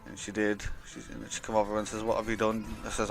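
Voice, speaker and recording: Low-voiced young man rambling a story. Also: monotone, quick pace, creaky, soft background music. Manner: rambling, swears a lot, acts out quoted dialogue. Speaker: vlogger. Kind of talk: casual storytime monologue.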